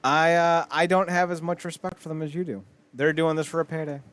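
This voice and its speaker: Podcast co-host, male, slightly high voice, profane and animated storyteller. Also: brisk, smooth. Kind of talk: casual chat.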